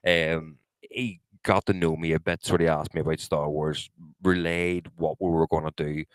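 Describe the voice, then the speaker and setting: A man's voice: a bass voice, level tone, moderate pace, no room sound. A man, co-hosting a casual podcast chat, telling a long anecdote with plenty of swearing. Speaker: podcast co-host.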